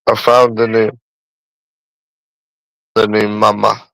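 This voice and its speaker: A man's voice: fairly low pitch, completely flat delivery, takes it slowly, creaky, fairly bright tone, no echo, low-quality recording. A young man with a London accent, chatting casually and bluntly to his livestream viewers, swearing often and calling them bro. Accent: London English. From England.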